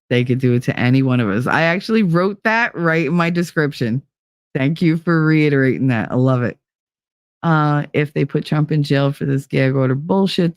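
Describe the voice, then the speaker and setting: Reading viewer comments on her live-stream, a low-voiced woman in her fifties rants with blunt emphasis and frequent profanity. The recording is dry and studio quality.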